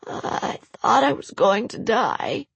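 A rasping, desperate injured man voiced by a woman narrator begs and babbles in a high, strained, breathy voice. It sounds close and dry, with no room around it. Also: very animated, slow pace, no room sound, heavily acted. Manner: pleading, babbling, gasping.

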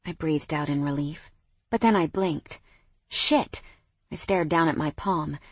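A young adult woman narrating a first-person romance audiobook in an expressive, wry manner. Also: lowish voice, no room sound.

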